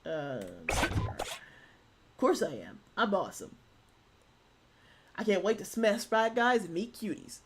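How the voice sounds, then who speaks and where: A woman's voice: mid-range voice, sing-song, slow, pauses often, background noise. Woman voicing a cocky superheroine. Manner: brash, teasing, easygoing. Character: confident muscular woman superhero, blunt and cocky. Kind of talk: reading game dialogue aloud.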